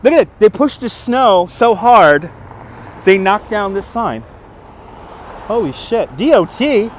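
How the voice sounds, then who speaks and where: A man's voice: high-pitched, big pitch swings, slow. A man hosting a casual walking livestream on city streets at night, chatting, laughing often and answering viewer comments, recorded on a phone on a gimbal. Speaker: livestream host. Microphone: phone on a handheld gimbal. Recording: faint traffic noise.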